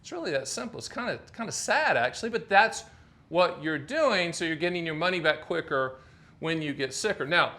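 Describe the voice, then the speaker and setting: A man's voice: a little high, fairly quick. A middle-aged man from North Carolina hosting a casual video, joking and hammering his points home with repetition. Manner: jokey, animated, emphatic repetition. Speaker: host. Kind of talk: casual talk to camera.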